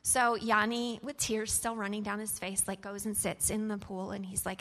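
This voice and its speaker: A woman's voice: medium pitch, little pitch movement, normal speed, few pauses, fairly bright tone. A woman animatedly telling a personal story from her camp ministry work, in a chatty style full of fillers.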